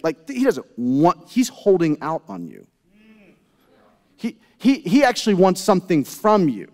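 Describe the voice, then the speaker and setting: Male pastor, high voice, chatty sermon full of rhetorical asides, long hall reverb. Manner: conversational, rhetorical questions and asides to the congregation. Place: church sanctuary.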